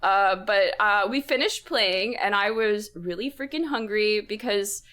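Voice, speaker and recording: A young woman co-hosting a podcast, telling a story in casual chat, animated and laughing often. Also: medium pitch, a little slow. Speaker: podcast co-host.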